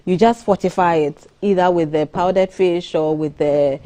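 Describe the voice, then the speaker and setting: A woman doctor gives careful, measured advice in a TV studio interview. Her voice sits a little low and has a warm, mellow tone. She explains steadily, often rephrasing to make a point clear. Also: steady tone. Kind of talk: studio interview on a morning TV show.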